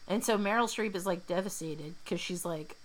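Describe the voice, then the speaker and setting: A woman's voice: fairly low pitch, moderate pace, poor audio. A young woman co-hosting a podcast, chatting casually as she recaps a film scene by scene. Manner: chatty, retells scenes in quoted voices. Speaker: podcast co-host. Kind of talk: casual movie recap chat.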